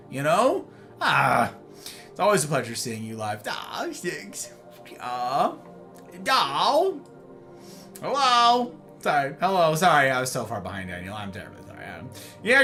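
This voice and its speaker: A man's voice: high-pitched, sharp tone. A man live-streaming, chatting casually with his viewers, teasing and greeting them by name.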